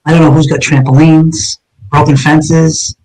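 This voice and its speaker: Middle-aged ex-cop guest, high-ish voice, intense retelling full of restarts. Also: male voice, little pitch movement, moderate pace, a little mellow, rough recording. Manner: vivid and intense, with frequent restarts and repeated words. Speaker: retired detective telling his story as a guest. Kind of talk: dramatic first-person storytelling in an interview.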